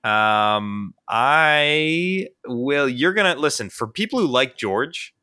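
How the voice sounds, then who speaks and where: A young man tells a story on a casual podcast, his voice bright and forward. He talks in an animated way, piles up fillers and swears freely. The recording is dry and close. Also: medium pitch, slow, smooth, dry recording. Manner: animated and profane, with frequent fillers. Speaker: podcast co-host.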